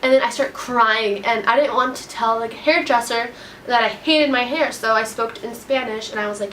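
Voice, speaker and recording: A woman's voice: on the high side, normal speed, a bit bright, a little hiss or hum. A teenage girl telling a storytime vlog in a casual, rambling way, upset and full of "like". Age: teens. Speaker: vlogger.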